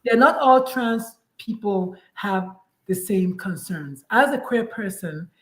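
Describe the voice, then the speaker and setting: A woman from Nigeria hosting a casual chat, animated and acting out little dialogues as she explains her point. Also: mid-range voice, slow pace, reverberant, low-quality recording. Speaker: podcast host and parent coach.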